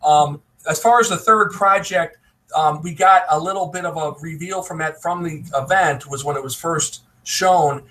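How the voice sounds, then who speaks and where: An emphatic man from the US talks over a live video call, his voice a little higher than most men's. He hands out advice in a casual, chatty way and laughs often. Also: moderate pace, fairly bright tone, rough recording. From United States. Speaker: online business promoter.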